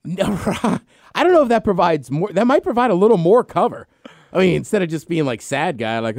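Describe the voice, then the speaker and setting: A man's voice: high-pitched, sing-song, brisk, darkish tone, no room sound, clean studio sound. A man in his thirties chatting casually as a podcast co-host, telling rambling stories and laughing often. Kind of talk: casual chat.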